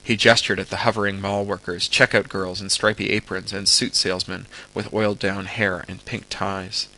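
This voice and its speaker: Gravelly man reading a story aloud. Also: deep voice, moderate pace, rough recording. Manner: steady reading with occasional stumbles. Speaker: narrator. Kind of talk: amateur audiobook reading.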